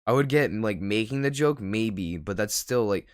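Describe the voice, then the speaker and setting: A man's voice: fairly low pitch, expressive, normal speed, no room sound, studio quality. A teenage boy vlogging, telling a rambling story full of fillers and laughing at himself. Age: teens. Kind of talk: casual storytelling.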